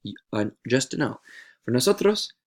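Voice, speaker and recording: A man's voice: medium pitch, sing-song, normal speed. A man teaching Spanish verb endings in a video lesson, patient and repeating words to stress how they sound.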